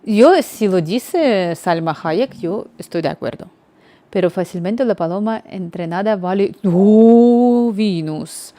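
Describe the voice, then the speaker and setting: A woman's voice: mid-range voice, lively intonation, unhurried, dark tone. A young woman from Ukraine, chatting casually on a livestream in a rambling way and talking straight to her viewers.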